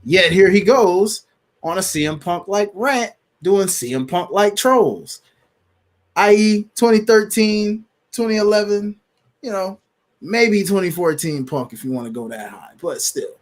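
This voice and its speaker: Male co-host, higher voice with lively swings, slangy and quick to laugh. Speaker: podcast co-host. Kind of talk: casual chat.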